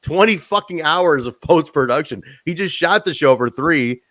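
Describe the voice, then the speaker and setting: A young man hosting a podcast, telling backstage stories in an animated, laughing, profanity-filled way. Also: fairly high pitch, normal speed, no room sound. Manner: animated, swearing, laughing storyteller. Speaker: podcast host. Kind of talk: casual chat.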